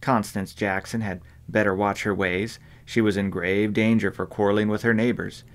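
An audiobook narrator, male, reads a scripted passage at an even, measured pace, his voice sitting toward the lower end.

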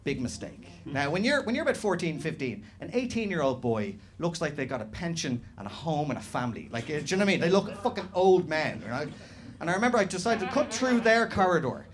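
A young Irish man doing a stand-up comedy set, animated and swearing, with shouted impressions. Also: on the high side, fast. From Ireland. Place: small comedy venue with live audience. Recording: live club recording with laughing crowd. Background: audience laughter.

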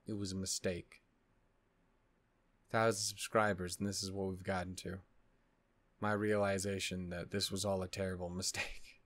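A man's voice: low-pitched, flat delivery, moderate pace, long pauses, a bit bright, dry recording. A man hosting an anime reaction video, tired and upset, rambling and swearing with lots of restarts. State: tired, yawning. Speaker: anime reaction channel host. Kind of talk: casual reaction vlog chat.

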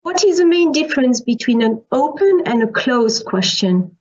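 A woman's voice: high voice, sing-song, moderate pace, darkish tone, husky. Woman lecturer on dull lo-fi call audio. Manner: explains patiently with examples, repeats key points. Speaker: university language lecturer. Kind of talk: online French lesson.

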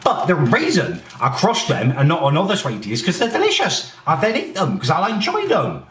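A man's voice: on the high side, wildly swooping pitch, brisk, recorded from a distance, slight background noise. Indignant British man ranting. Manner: exasperated, swearing, shouting in indignation. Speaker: comedy ranter. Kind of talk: comedic rant. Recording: roomy, a bit off mic.

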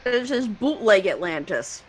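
A woman's voice: medium pitch, big pitch swings, measured pace, soft background music, rough recording. A woman co-hosting a film riff, making crude, mocking jokes in casual chat. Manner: crude, joking. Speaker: co-host.

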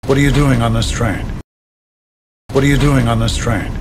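An actor delivering film dialogue in a flat, even way. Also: male voice, medium pitch, normal speed, loud music behind the voice, natural voice, poor audio. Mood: plain.

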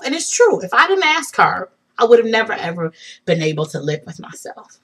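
A young woman telling an excited personal story for her vlog, laughing and swinging from hushed tones to shrieks. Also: a little high, brisk, slightly rough. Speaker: vlogger.

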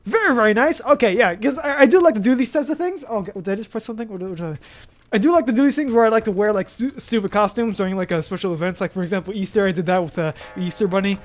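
A man's voice: high voice, quick pace. A man playing a video game and talking to himself as he goes, rambling with lots of fillers, restarts and mild swearing, hot and sweating in a costume in his bedroom. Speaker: gaming YouTuber. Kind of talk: casual let's-play commentary.

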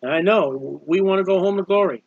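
A man's voice: sits high, fairly quick, no room sound, dull audio. A man preaching an informal sermon on a psalm, earnest and conversational, often repeating himself. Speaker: street preacher.

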